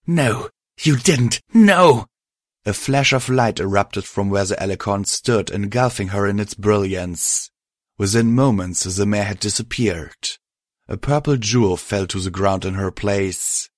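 Male storybook narrator, deep-ish voice, dry close sound. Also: unhurried, dry recording.

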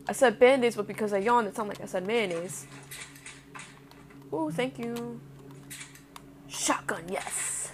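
A young woman playing a video game and commenting as she goes, cursing and reacting loudly to scares, then muttering to herself. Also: a little high, unhurried, long pauses, soft background music. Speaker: gameplay streamer. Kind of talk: casual let's-play commentary.

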